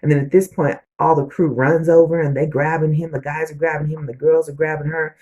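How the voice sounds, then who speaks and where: A woman giving a casual, animated recap of a TV episode, storytelling with slang and asides to her viewers. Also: low-pitched, fairly quick, slightly rough, highs cut off. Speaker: TV show reviewer.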